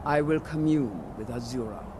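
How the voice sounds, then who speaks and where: A man's voice: mid-range voice, moderate pace, noisy background, lightly acted. A man voicing a devout priest who serves a goddess in a game, speaking in a reverent, formal way. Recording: game audio with loud music.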